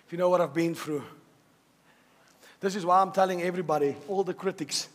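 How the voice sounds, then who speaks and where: A man preaching a sermon to a church, swinging from loud shouting to hushed intensity and repeating words for emphasis. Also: sits high, fairly even intonation, brisk. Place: church hall with a congregation. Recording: long hall reverb.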